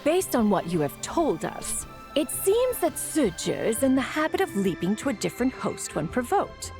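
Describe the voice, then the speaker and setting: A woman's voice: a little high, huge pitch swings, moderate pace, a little mellow, soft background music. An actress voicing a stately immortal woman in a game, who speaks in formal, old-fashioned phrasing. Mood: measured. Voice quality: formal, archaic self-reference. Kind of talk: video game voice acting.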